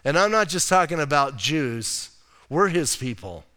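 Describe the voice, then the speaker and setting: Smooth-voiced pastor in a reverberant church. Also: male voice, a little high, sing-song, measured pace, sharp tone. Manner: casual, conversational preaching with slang asides. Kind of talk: sermon. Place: church sanctuary.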